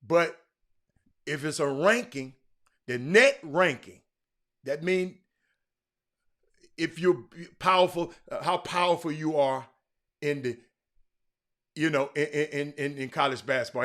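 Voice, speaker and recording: A man hosting a casual livestream talk show, rambling and excitable, with lots of fillers and restarts. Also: on the high side, measured pace, long pauses. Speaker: livestream host.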